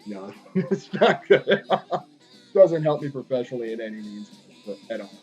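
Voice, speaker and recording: A man's voice: mid-range voice, sing-song, a little slow, a little mellow, highs cut off. A man chatting casually while he draws on a live stream, rambling along with lots of fillers and restarts. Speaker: artist live-streaming a drawing session. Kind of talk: casual chat while drawing. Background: faint guitar music.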